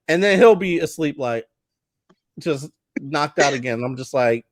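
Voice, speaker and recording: Animated, high-voiced man chatting as host. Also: normal speed, no room sound, clean studio sound. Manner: animated, laughing, acts out his baby's cries. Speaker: podcast host. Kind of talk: casual chat.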